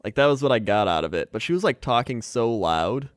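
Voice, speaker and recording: A man's voice: medium pitch, animated, a little fast, no room sound. Laid-back, giggly man telling stories. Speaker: podcast co-host. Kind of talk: casual chat.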